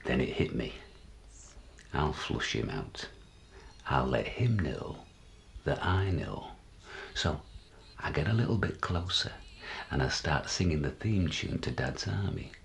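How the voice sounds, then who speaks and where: An actor playing a deluded, paranoid older man, confiding and jumpy, swinging from hushed to shouting, in a dramatic stage monologue. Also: a bass voice, big pitch swings, a little slow, gravelly, pauses often, slight background noise, exaggerated voice. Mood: conspiratorial.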